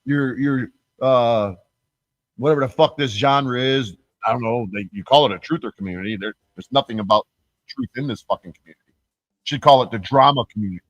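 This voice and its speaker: A man's voice: mid-range voice, a little fast, no room sound, lo-fi sound. A man ranting on his own channel, profane and taunting, mocking the people he calls out. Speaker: YouTuber. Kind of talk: angry ranting vlog.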